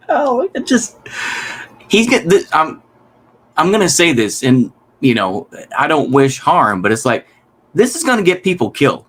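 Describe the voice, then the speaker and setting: A man's voice: a little high, big pitch swings, normal speed, a bit bright. A man hosting a casual reaction commentary, rambling with restarts and swearing in exasperation. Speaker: commentary host.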